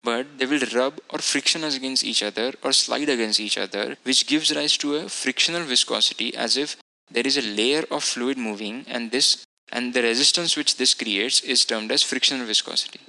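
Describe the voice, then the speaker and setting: A man with a very bright, forceful tone walks through a technical lecture step by step. His delivery is methodical and explanatory, and he stops now and then to fix a word. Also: medium pitch, normal speed, low-quality recording. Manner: methodical, explanatory, self-correcting. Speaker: instructor.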